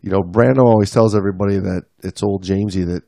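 A man's voice: low voice, steady tone, fast, vocal fry, dark tone, no room sound, clean studio sound. A man co-hosting a podcast, recapping the year in casual, joking banter with plenty of fillers. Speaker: podcast co-host.

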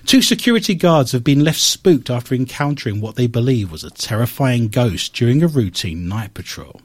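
A man's voice: medium pitch, normal speed. A man hosting a radio talk show, telling stories and reading the news with wry asides. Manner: animated storyteller with wry asides.

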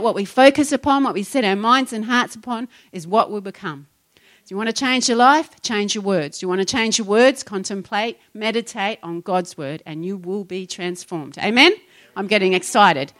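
A woman's voice: mid-range voice, a bit bright. A middle-aged woman preaching a sermon, exhorting her congregation with rhetorical questions. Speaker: pastor.

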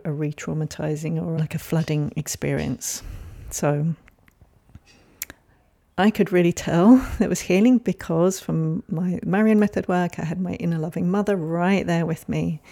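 Gentle woman podcaster with a gravelly voice. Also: low-pitched. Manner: gentle, soft-spoken, caring. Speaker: podcast host. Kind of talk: reflective solo podcast monologue.

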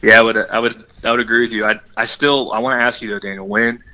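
A man's voice: mid-range voice, fairly even intonation, fast, sharp tone, dull audio. A man co-hosting a podcast in casual sports chat, rambling and teasing playfully. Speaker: podcast co-host.

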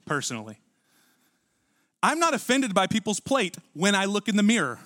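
A man preaching a sermon as pastor, swinging from punchy lines to hushed asides and acting out voices. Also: high-pitched, normal speed, no echo, studio quality. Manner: animated preaching with sudden drops to quiet and acted-out voices.

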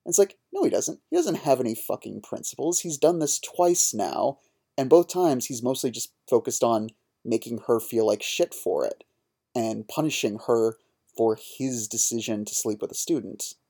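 A man's voice: medium pitch, very animated, moderate pace, creaky, warm tone, breathy edge. A man co-hosting a podcast, ranting in a heated, profane, casual way. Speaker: podcast co-host.

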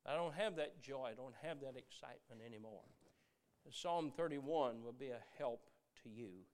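A middle-aged man preaching a sermon, earnest, repeating words as he goes and dropping from loud emphasis to a hush. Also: mid-range voice, moderate pace.

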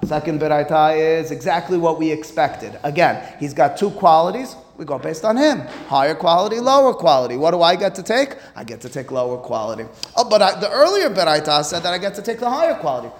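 A man's voice: a little high, very animated, fast talker, few pauses, in a large hall. A man, a rabbi, teaching a Talmud class, explaining animatedly and acting out both sides of a dispute.

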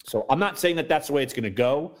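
Speaking fast and expressively in a slightly high voice, a man who writes about sports talks football as a guest on a podcast. The chat is casual, and he keeps qualifying his points, leaning on fillers and starting over often.

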